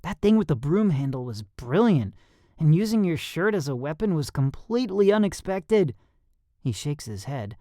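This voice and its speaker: A man's voice: on the high side, dark tone, dry recording. A man voicing a confident young male combat trainer who coaches with dry teasing.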